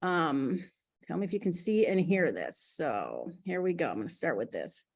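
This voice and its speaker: A woman's voice: deep voice, sing-song, normal speed. A woman presenting a product on a webinar, chatty and a little flustered.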